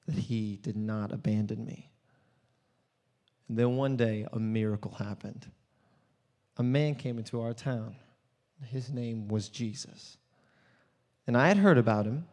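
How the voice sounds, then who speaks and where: A man playing a blind beggar tells his story in a slow, earnest monologue. His mid-pitched voice drops to a hush, then swells loud, and the church hall rings with a long reverb behind him. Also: natural voice. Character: blind male beggar, adult, earnest and desperate. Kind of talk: dramatic first-person monologue.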